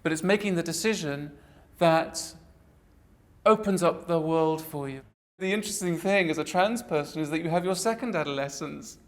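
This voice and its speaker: A woman in her forties, an actress in an interview, speaking earnestly and reflectively with frequent halting restarts. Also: low-pitched. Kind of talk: personal interview storytelling.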